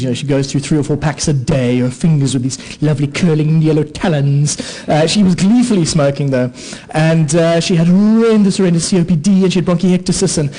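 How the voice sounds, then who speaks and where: A man tells comic stories about himself to a live audience. His voice sits fairly high, and he delivers the talk with animated, self-deprecating asides and playful sound effects. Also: low-quality recording. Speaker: conference speaker, anaesthetist. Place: conference hall with an audience.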